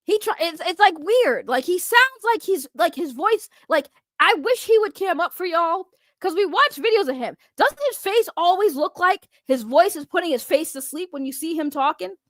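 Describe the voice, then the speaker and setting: A woman YouTuber ranting in a heated, mocking, profane way to her viewers, often surging loud and fast. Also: very high-pitched, expressive, dry recording. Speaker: drama commentary YouTuber. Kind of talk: heated rant to camera.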